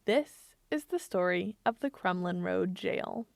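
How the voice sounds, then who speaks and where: A woman's voice: on the low side, animated, unhurried, no echo. Playful woman podcast storyteller, dry sound. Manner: playful, laughs between facts. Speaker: podcast co-host telling the week's story. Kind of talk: casual storytelling chat. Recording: dry close-mic podcast audio.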